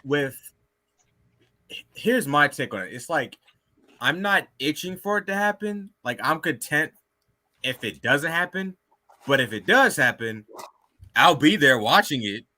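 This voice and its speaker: A man co-hosting a podcast with a bright, sharp-edged voice that swings widely in pitch. He talks bluntly and animatedly and swears without a second thought. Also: animated, a little slow, pauses often. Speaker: podcast co-host. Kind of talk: casual podcast chat.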